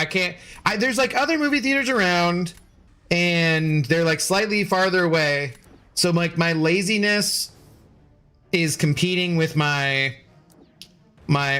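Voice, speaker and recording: Streaming a game live, a young man from the United States rants with exasperation and swears without restraint. His voice sits high with a sharp tone in this casual commentary.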